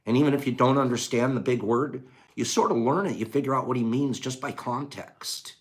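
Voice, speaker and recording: An older man hosting a casual talk on a quote, moving between quiet musing and loud rhetorical outbursts in a folksy way. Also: mid-range voice, steady tone, fairly quick. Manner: folksy, says gosh darn and dude. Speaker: host.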